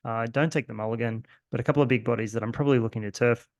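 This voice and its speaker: A man's voice: medium pitch, fairly even intonation, very fast, dry recording, muffled recording. A man with an Australian accent talks through his own card game in a rambling, self-deprecating way, full of fillers and restarts. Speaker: host. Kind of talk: casual gameplay commentary.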